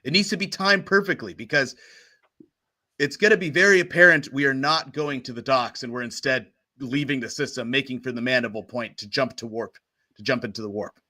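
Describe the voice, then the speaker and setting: A man's voice: mid-range voice, fairly quick, sharp tone. A man voicing a commanding woman ship officer who barks urgent orders to her crew in a tabletop game. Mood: instructing.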